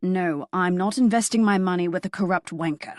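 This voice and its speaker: A woman voicing a cantankerous forty-one-year-old posh British husband who coaxes his wife in a soft, beseeching voice. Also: on the low side, a little fast, no echo, studio quality, natural voice. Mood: grumpy. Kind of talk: audiobook character voice.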